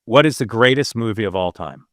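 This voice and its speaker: Halting male host, low voice. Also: animated, a bit bright, no room sound, clean studio sound. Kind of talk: casual interview chat.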